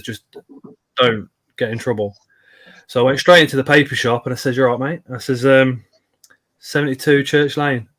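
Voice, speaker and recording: Sweary man telling stories. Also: medium pitch. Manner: blunt, sweary, animated anecdotes. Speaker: live stream host. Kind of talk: casual storytelling chat.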